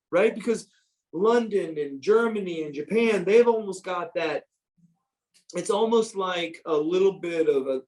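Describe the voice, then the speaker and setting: An American man in his fifties, a former pro wrestler, guests on a podcast and tells animated, profane stories. His voice sits slightly higher than the typical man's, and he stumbles and restarts as the tales spill out. The audio quality is poor.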